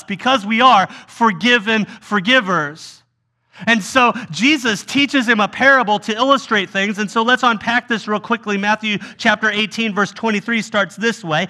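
A man's voice: high voice, bright, forceful tone. A man preaching a sermon as a pastor, telling a story with feeling and acting out voices of people pleading.

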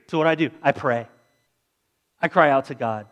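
A pastor preaching a sermon, telling stories dramatically and acting out the voices of the people in them. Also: male voice, mid-range voice, moderate pace, a bit bright. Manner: dramatic storytelling, acts out voices.

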